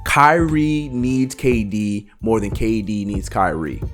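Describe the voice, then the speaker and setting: A man's voice: fairly low pitch, takes it slowly, soft background music. Emphatic man ranting about basketball. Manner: animated, emphatic, drags words out for emphasis. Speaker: sports channel host. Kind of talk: ranting sports vlog.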